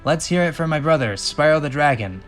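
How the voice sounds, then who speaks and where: A man voicing an excitable little male dragonfly sidekick who talks a mile a minute. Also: a little high, soft background music, pitched above the performer's own voice. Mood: excited. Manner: fast, excitable chatter.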